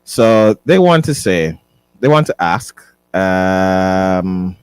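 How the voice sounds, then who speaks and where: Lively low-voiced radio host. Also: male voice, very slow, clean tone, no echo. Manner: reads listener comments aloud, questioning. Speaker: radio morning show host. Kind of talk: casual talk radio banter.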